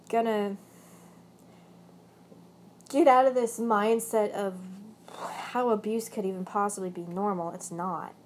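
A woman's voice: medium pitch, darkish tone, slight background noise. A young woman with a British accent vlogging about her ex, rambling and swearing heavily, with angry bursts. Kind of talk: emotional personal rant.

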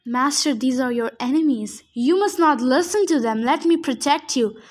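A woman reading the part of a malicious old male ghost king, speaking slowly and mockingly. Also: sits high. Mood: sneering. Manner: slow, sneering, mocking. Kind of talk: audiobook character reading.

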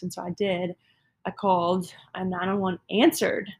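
A woman's voice: medium pitch, fairly even intonation, a little fast. A woman from Texas telling a personal story in a casual, self-deprecating way, full of "um" and "like". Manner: self-deprecating, chatty, many fillers like "um" and "like".

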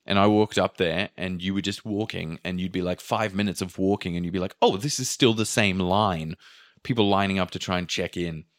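A man's voice: low-pitched, a little fast. A man casually recounting a chaotic trip, acting out quotes and swearing freely. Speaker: podcast host telling a travel story. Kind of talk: casual storytelling chat.

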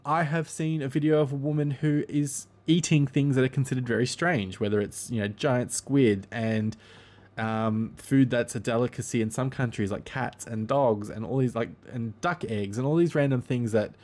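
A man's voice: mid-range voice, moderate pace, darkish tone. A man hosting a casual solo podcast monologue, rambling and easygoing, with frequent ums and self-corrections.

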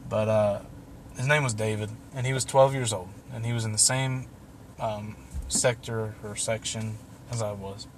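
A man's voice: lowish voice, fairly even intonation, moderate pace, slight background noise. A young man telling a long personal story in a loose, casual way, swearing and laughing now and then. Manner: loose and profane, laughing through the tale.

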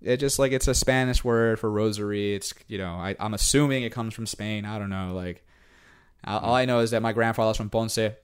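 A man with a Puerto Rican accent tells stories at a quick clip in a relaxed chat. His voice is smooth and clear. He slides between English and Spanish and uses plenty of fillers. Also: on the low side. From born in New York, raised in Puerto Rico. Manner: switches between English and Spanish, many fillers, quotes others in raised voices. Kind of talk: casual bilingual chat.

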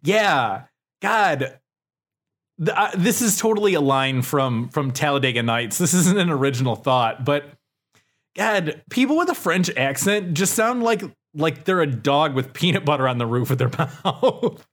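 Lively rambling young man. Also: a little high, unhurried. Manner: rambling storytelling, many "like" fillers, swears. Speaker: podcast co-host. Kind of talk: casual chat.

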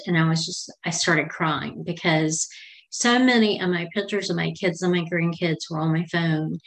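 A middle-aged woman hosting a podcast and telling a personal story in a chatty, meandering, heartfelt way. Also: on the low side. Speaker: podcast host.

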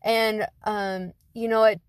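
A woman's voice: medium pitch, level tone, slow pace, clear, resonant tone, no echo. A young woman telling a personal story in a casual, conversational way, full of fillers like "you know". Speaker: guest telling her story.

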